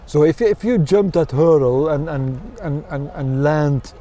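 A man co-hosting a radio show, chatting casually outdoors by a canal in a rambling, halting way full of restarts. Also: fairly high pitch, warm tone. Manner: rambling, halting restarts, playful sound effects.

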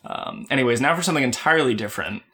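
A man's voice: mid-range voice, very animated, very fast, bright, forceful tone. A man co-hosting a casual music podcast, tossing in wry jokes and asides. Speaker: podcast co-host.

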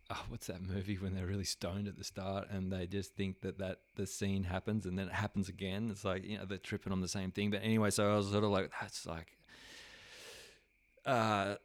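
A man's voice: deep voice, no echo. A man casually telling a long anecdote, swearing freely and filling gaps with "um" and "like" as he restarts his sentences. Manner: rambling, profane, many fillers and restarts.

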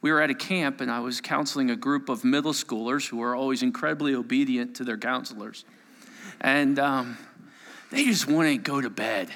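A man preaching a sermon to a live church audience, telling a story in a playful, animated way and acting out voices and sound effects. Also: medium pitch, moderate pace. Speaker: pastor. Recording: long reverb of a large hall.

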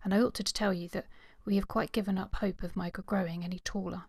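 A woman's voice: medium pitch, steady tone, fast, vocal fry, darkish tone, husky, dry recording, studio quality. A woman voicing a shy, earnest girl of seventeen who stammers anxiously.

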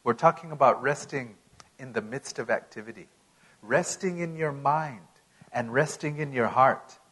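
A man preaching a sermon in an unhurried, emphatic way, his volume swinging from loud to soft. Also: mid-range voice, breathy edge, low-quality recording.

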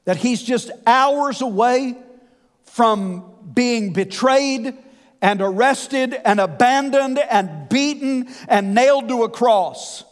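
High-voiced preacher, slow and echoing. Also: male voice. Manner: folksy, animated storytelling with asides. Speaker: pastor. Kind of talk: sermon. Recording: long hall reverb.

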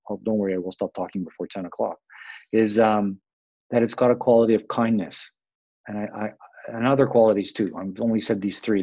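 A man's voice: lowish voice, mellow, husky, no echo, lo-fi sound. A man explaining mindfulness in a rambling, self-aware way, acting out little quoted voices. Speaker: interview guest.

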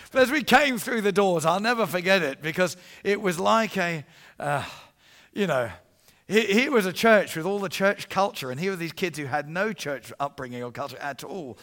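A middle-aged male evangelist tells a story from the pulpit, dropping to a hush and then surging loud. His voice is bright and a touch high for a man. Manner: animated, swings from hushed to loud. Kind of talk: storytelling sermon.

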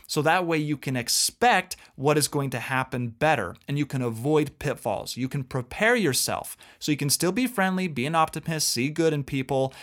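A man's voice: fairly high pitch, a bit bright. A man co-hosting a talk, giving earnest and emphatic advice in a lecturing way. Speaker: co-host.

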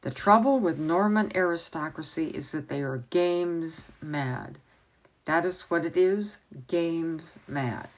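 A woman's voice: low voice, slow, heavily acted. Testy old wizard tutor, voiced by a woman; impatient, scornful, fussy.

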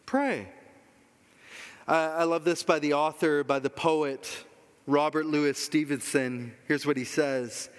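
A man's voice: fairly high pitch, fairly even intonation, slow, smooth, big-room sound. A man preaching a sermon as pastor, earnest and emphatic, repeating key phrases for weight.

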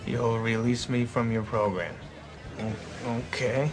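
A man's voice: medium pitch, fairly even intonation, slow, noisy background, close to an everyday voice. An actor playing a flustered, put-upon man in anger therapy, muttering in exasperation in a film clip with music underneath. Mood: exasperated.

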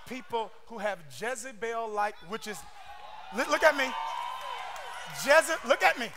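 A man with a very high, bright voice preaches a streamed sermon. He delivers it fervently, often raising his voice to a shout and pressing the congregation with rhetorical questions. A faint crowd can be heard behind him. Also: lively intonation, a little slow, a little hiss or hum. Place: church service streamed online.

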